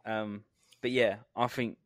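Taking it slowly, a man with a fairly low voice and flat delivery co-hosts a podcast. The chat is casual, full of laughter and free swearing, and the recording is dry and of studio quality.

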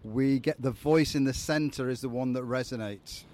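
Yorkshire guy on a city street, optimistic, measured, mid-pitched voice. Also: darkish tone. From England. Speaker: passer-by interviewed on the street.

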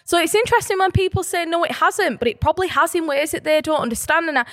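A woman's voice: very high voice, rapid-fire. A woman with a Northern English accent, a teacher co-hosting a casual podcast and telling stories with passion. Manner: animated, passionate storyteller.

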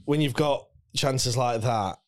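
A man's voice: medium pitch, slow pace. A man, co-hosting a casual football podcast, rambling with fillers and tag questions. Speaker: podcast co-host.

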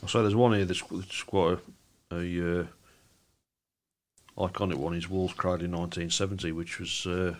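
Deep-voiced man chatting casually. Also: normal speed. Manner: relaxed, thoughtful, many ums. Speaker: podcast co-host. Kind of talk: casual chat about speedway.

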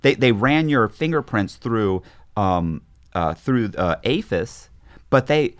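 A man guest in an interview, telling a story with animated, quick run-on phrasing. He acts out the people he quotes with sudden jumps in pitch. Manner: rapid, repetitive run-on phrasing with frequent restarts. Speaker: podcast guest.

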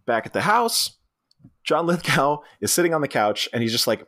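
A man co-hosts a comedy podcast and retells a film's plot in a casual way. He tells it with animation and slips into voices for the characters. His pitch moves around a lot. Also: fairly quick. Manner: animated storytelling, acting out movie lines in voices. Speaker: podcast co-host. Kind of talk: casual comedic film recap.

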